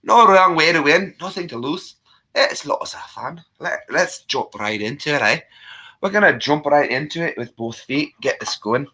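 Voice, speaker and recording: A jolly, boastful fellow with a hammy mock Scottish brogue, as a man puts it on. The voice sits higher than usual and rides up and down in a lively, bright, sing-song way. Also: normal speed, full character voice.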